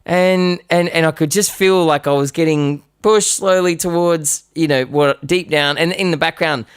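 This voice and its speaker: A man's voice: on the high side, normal speed, clear, resonant tone, no room sound. A man live-streaming from his studio, telling a story casually and animatedly, with many restarts and the odd swear. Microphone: live-stream microphone.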